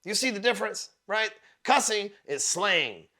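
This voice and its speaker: Speaking at a measured pace in a high, bright and forceful voice with lively intonation, a man hosts a podcast. The adult father of four gives an emphatic, profane, blunt motivational monologue, circling back on points and repeating words to build them.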